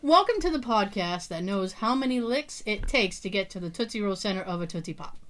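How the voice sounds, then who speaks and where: A woman's voice: medium pitch, brisk. A woman co-hosting a podcast, telling stories in casual chat, laughing often and swearing freely. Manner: laughing, animated storyteller who swears freely. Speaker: podcast co-host.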